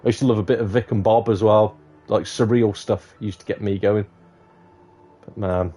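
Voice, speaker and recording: A man's voice: fairly low pitch, fairly even intonation, normal speed, dark tone. A man hosting a live stream, chatting casually and rambling, swearing freely. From Shropshire, England. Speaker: livestream host.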